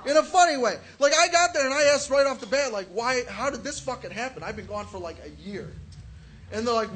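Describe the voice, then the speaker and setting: High, bright-voiced profane stand-up comic. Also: male voice, sing-song, brisk, slight background noise. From Chicago area. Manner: crude, profane storytelling with acted-out quotes. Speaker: stand-up comedian. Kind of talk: stand-up comedy set.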